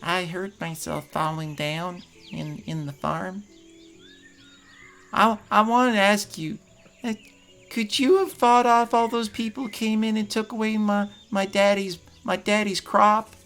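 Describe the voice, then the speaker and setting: A man voicing a young farm boy who is shy and earnest, speaking in halting, stammering phrases. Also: sits high, level tone, vocal fry, fairly bright tone, faint music behind, pitched above the performer's own voice, exaggerated voice. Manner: halting, stammering child speech.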